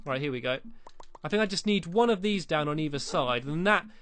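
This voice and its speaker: A let's-play creator giving casual, chatty commentary while building in a game, playful and teasing, often breaking into excited squeals. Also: medium pitch, a little fast.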